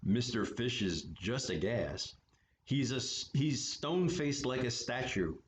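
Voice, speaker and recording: A man reading a children's picture book aloud at story time, with relaxed, chatty asides. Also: mid-range voice, unhurried, slight background noise. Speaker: story time reader for an art studio. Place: art studio.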